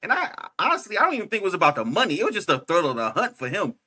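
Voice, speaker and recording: A young man co-hosting a casual podcast chat, excitable and slangy, laughing often and saying "bruh" a lot. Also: high-pitched, very fast. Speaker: podcast co-host.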